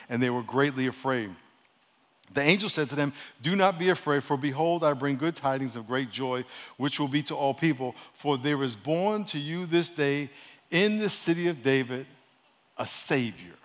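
A man preaching a sermon as pastor, with a New York accent. He talks fast and calls for responses from his congregation. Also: mid-range voice. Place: church sanctuary. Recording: long church hall reverb.

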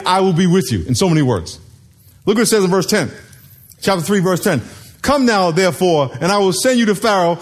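Lively man preaching a sermon. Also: high-pitched. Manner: lively, calls for congregation responses, acts out quotes. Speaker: pastor.

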